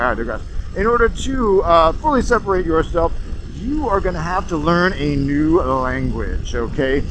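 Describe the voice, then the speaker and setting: A man hosting a casual comedic monologue while driving, sarcastic and animated, getting worked up. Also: fairly high pitch, rough recording. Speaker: host. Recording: road noise from a moving car.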